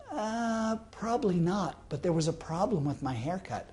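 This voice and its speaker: A man's voice: sits high, normal speed, dark tone. A man in his fifties from Southern California, giving a motivational self-help talk and telling a personal story, with rhetorical questions to the listener. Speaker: motivational speaker.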